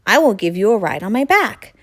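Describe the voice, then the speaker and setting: A woman voicing a friendly, gentle male horse in a children's storybook, explaining things patiently. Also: medium pitch, sing-song, a little fast. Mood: kindly.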